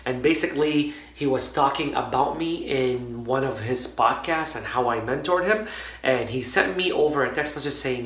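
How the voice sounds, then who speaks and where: A man speaks to his viewers from his office in a loose, rambling way, full of fillers and restarts. His voice is bright and forward. The room adds a noticeable echo around him. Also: medium pitch, normal speed. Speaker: online marketing vlogger. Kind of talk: casual vlog talk to camera. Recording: roomy echo.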